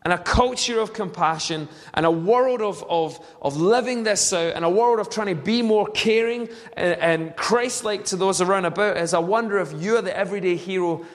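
Male pastor, high voice, earnest storyteller who restarts phrases, church hall with long reverb. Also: moderate pace, hardly any pauses. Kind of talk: sermon.

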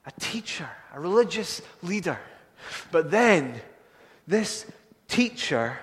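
A man preaching a sermon, earnest, building to urgent pleading and then falling soft and low. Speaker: pastor. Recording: long hall reverb.

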